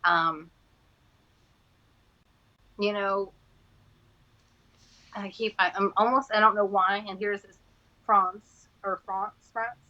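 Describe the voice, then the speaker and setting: A woman's voice: medium pitch, fairly even intonation, takes it slowly, long pauses, sharp tone, dull audio. A woman from Texas with a Texan accent, hosting a casual chat, rambling and laughing often. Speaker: host.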